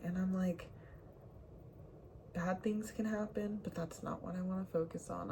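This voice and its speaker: A young woman talking candidly to camera in a rambling, confessional way, now and then dropping to a hushed whisper. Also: fairly low pitch, slight background noise. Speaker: vlogger. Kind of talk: candid personal talk to camera.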